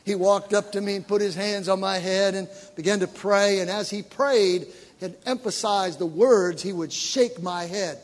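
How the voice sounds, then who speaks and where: A man's voice: sits high, normal speed, long reverb tail. A man preaching a sermon, telling stories and acting out the voices of the people in them, building his points with repetition.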